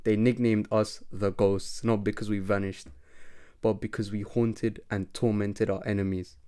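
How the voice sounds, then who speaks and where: Ruthless ex-spy villain, hushed and cold, read by a man, lowish voice. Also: little pitch movement, unhurried, clear, resonant tone, lightly acted. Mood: menacing. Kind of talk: amateur dramatic reading.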